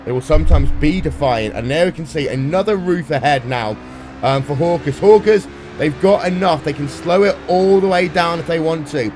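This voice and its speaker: A man calling a sim race live, brisk and playful, with dry jokes. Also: fairly high pitch, darkish tone, slight background noise. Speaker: sim racing commentator. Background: music playing underneath.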